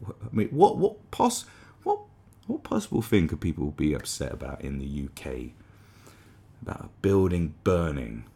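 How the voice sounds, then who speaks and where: Gravelly, low-voiced man, sarcastic. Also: dark tone. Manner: sarcastic, rambling, with frequent restarts. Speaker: commentary host. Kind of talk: comedic monologue.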